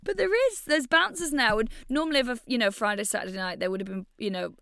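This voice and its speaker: A woman's voice: fairly high pitch, quick pace, vocal fry. A woman from Wales, a stand-up comedian, telling self-mocking stories in casual chat. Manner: self-mocking, animated storytelling. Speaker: comedian guest.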